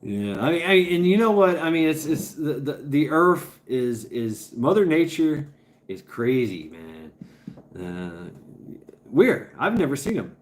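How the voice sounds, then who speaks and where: A man's voice: fairly high pitch, sing-song, measured pace. A man hosting a casual livestream, rambling and chatting with his viewers with stammering restarts and some swearing. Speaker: livestream host. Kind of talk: casual livestream chat, reading chat.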